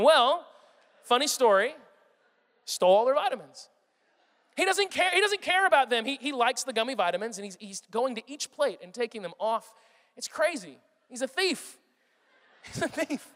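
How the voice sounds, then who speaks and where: High-voiced pastor in a reverberant hall. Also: male voice. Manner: animated storytelling, acts out his kids' voices. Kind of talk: sermon with personal stories.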